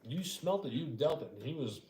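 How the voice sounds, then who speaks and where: A man's voice: fairly high pitch, expressive, quick pace, darkish tone. Joking man in an echoey room. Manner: joking, teasing, laid-back. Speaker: co-host of a mukbang stream. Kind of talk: casual chat while eating. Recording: echoey room with faint noise.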